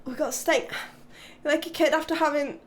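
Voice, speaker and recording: A chatty young woman from Britain talks casually to her live-stream audience, giggling as she goes. Her voice sits high. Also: fairly even intonation, moderate pace. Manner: chatty, giggly, reading chat aloud.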